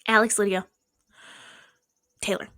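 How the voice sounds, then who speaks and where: A woman's voice: unhurried, dry recording, studio quality. A young woman in her bedroom telling a casual storytime vlog to camera, swearing freely and acting out what people said with sudden jumps in her voice. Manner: animated, swearing, acting out quotes with big pitch jumps. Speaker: vlogger.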